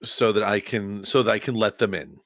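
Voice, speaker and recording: A man's voice: fairly low pitch, steady tone, a little fast, a bit bright, no echo. A man playing a tabletop roleplaying game, thinking aloud and deciding his moves with some hesitation. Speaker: player.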